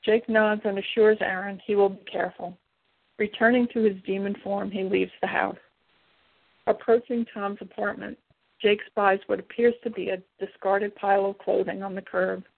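Audiobook reader: woman, husky and gravelly, steady reading, tinny dry recording. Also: medium pitch, no echo. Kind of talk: reading a paranormal romance novel.

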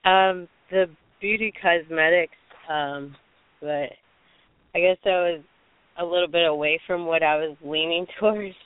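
A woman's voice: fairly low pitch, steady tone, measured pace, clean tone, no room sound. A woman calling in to a radio show, hesitant and polite. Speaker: caller. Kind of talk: call-in chat. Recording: tinny phone line, dry.

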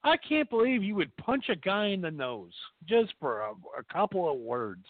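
Male co-host, high and animated, crude jokey rants; dry phone-like sound. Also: normal speed, no room sound. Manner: ranting, crude jokes. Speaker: podcast co-host. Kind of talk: casual profane banter. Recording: dry tinny phone-like audio.

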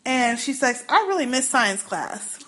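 A woman co-hosting a podcast, recapping a TV episode in casual chat, telling it with lively, animated quotes and free swearing. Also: sits high, a little slow. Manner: animated storytelling, acts out quotes, swears freely. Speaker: podcast co-host.

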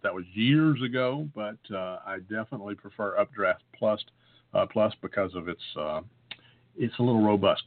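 Man, podcast co-host, jokey rambling chat, many fillers, tinny phone-line sound. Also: lowish voice. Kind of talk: casual chat.

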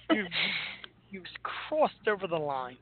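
A man's voice: high-pitched, lively intonation, a little fast, no room sound. A man hosting a podcast in casual chat, joking and laughing often. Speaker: podcast host. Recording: tinny phone-like sound.

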